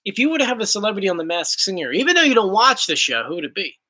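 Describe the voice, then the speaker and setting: A man's voice: high voice, very animated, very fast, pushed and bright, low-quality recording. A young man hosting a casual chat, rambling playfully and reading viewer questions aloud. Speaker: YouTube host.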